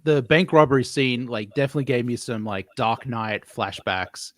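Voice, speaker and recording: A man's voice: mid-range voice, moderate pace. A man co-hosting a movie podcast, adding laid-back remarks in casual chat. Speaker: podcast co-host.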